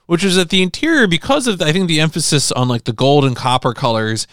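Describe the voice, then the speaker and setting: A man's voice: fairly high pitch, lively intonation, quick pace, a bit bright, no echo, studio quality. A man co-hosting a podcast, chatting casually and rambling with many fillers. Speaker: podcast co-host. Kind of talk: casual chat.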